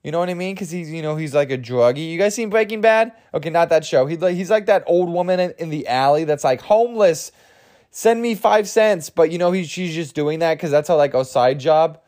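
A man's voice: a little high, fast talker, hardly any pauses, darkish tone. A young man hosting a comedy podcast, rambling through a bit with lots of fillers while overtired. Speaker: podcast host.

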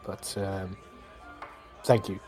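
Halting, heartfelt farewell from a warrior woman in a tabletop fantasy game, spoken by a man, fairly low voice, faint music underneath. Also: little pitch movement. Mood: grateful.

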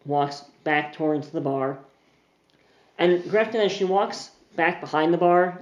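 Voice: mid-range voice, reverberant, muffled recording. A game master narrating a tabletop game scene in a loose, descriptive way. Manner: descriptive, uses filler words.

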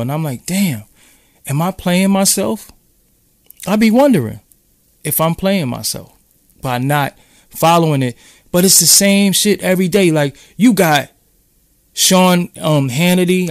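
A man's voice: a little high, no room sound, clean studio sound. A man from Brooklyn with a New York accent, rambling in casual, profane street talk as he hosts a live-stream chat. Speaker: podcast host.

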